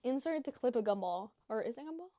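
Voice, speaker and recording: A woman's voice: a little high, expressive, fast, dark tone, no echo, studio quality. A young woman in casual, unscripted vlog chat who rambles and gushes, with lots of filler words and swearing. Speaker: new vlogger.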